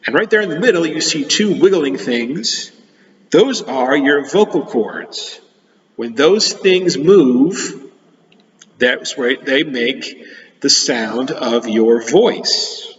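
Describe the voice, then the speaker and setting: A man's voice: medium pitch, lively intonation, slow, slight background noise. A man gives a children's science lesson in a chatty manner and walks his listeners through hands-on demonstrations. The recording sounds dull and muffled, and a long reverb trails after his words as if he is in a big hall. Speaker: science teacher.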